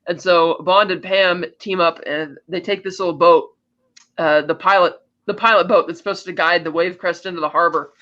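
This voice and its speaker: High-voiced man retelling a film plot. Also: normal speed. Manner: animated storytelling with frequent restarts. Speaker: podcast co-host. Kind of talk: casual plot recap. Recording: slightly muffled lo-fi audio.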